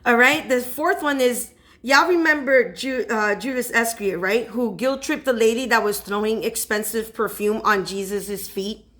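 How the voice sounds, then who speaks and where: A woman's voice: a little high, normal speed, a bit bright. A woman speaking as a spiritual advisor in a casual preaching monologue, who keeps checking in with her listeners by asking "okay?".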